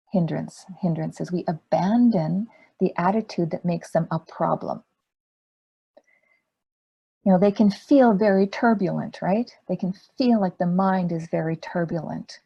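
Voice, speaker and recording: A woman meditation teacher giving a dharma talk in a gentle, unhurried way, asking rhetorical questions. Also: on the low side, gravelly, slightly rough, highs cut off.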